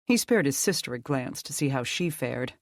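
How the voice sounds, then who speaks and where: An audiobook narrator reading a dark fantasy story in a steady, measured way. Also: mid-range voice, dry recording, studio quality.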